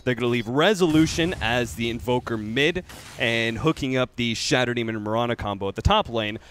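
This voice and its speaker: A man's voice: mid-range voice, a little fast, a little hiss or hum. A man casting an online game match, mixing rambling casual banter with play-by-play. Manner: rambling, animated, many restarts. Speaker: esports caster.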